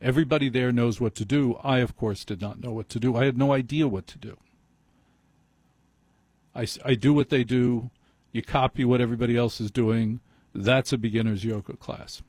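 A man's voice: medium pitch, normal speed, pauses often, darkish tone, husky, dry recording. A man telling a rambling, self-mocking comic story, speaking close to a mic. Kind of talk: comedic storytelling monologue. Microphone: close mic he adjusts himself.

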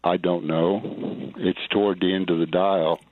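A man's voice: sits low, steady tone, a little slow. An older retired man calling in to a radio show, speaking tersely and hesitantly. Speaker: caller. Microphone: telephone. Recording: tinny phone line.

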